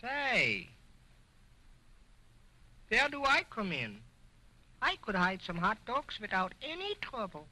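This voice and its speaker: A woman's voice: medium pitch, sing-song, slow pace, pauses often, background noise. A woman voicing a sassy wooden ventriloquist dummy. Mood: cheeky. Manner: sassy, wisecracking, back-talking. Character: cheeky wooden ventriloquist dummy boy, wisecracking. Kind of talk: 1920s early talkie acting. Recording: old film soundtrack with music.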